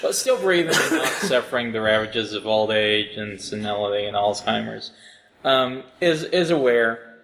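A man's voice: lowish voice, lively intonation, moderate pace, background noise. A man co-hosting a casual podcast, talking in a sarcastic, rambling way with lots of filler words. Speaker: podcast co-host.

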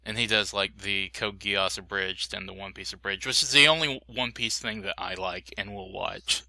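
Gravelly low-voiced joking man. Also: steady tone, moderate pace, bright, forceful tone. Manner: joking, wry asides. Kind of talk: casual chat.

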